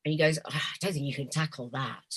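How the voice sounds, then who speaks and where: A woman improv player telling jokes, swooping up high for the quoted voices. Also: fast, a bit bright, breathy edge.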